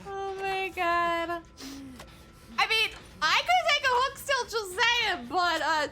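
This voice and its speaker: A woman streamer giving excitable, laughing commentary on her gameplay as she talks to the teammates on screen. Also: extremely high pitch, slow.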